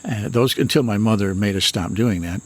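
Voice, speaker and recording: A man in his sixties from Michigan, a retired minister telling his own experiences in an earnest, unhurried, matter-of-fact way. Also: fairly low pitch. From Michigan, USA. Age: 60s. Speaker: retired minister and paranormal author. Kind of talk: personal storytelling in an interview.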